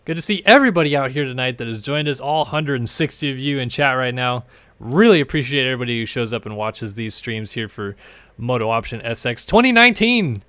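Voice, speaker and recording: A man hosting and calling an online motocross race stream, jokey and casual, getting excited at the start. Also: medium pitch, fairly quick, smooth, no room sound. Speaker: race commentator and stream host. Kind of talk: casual play-by-play commentary.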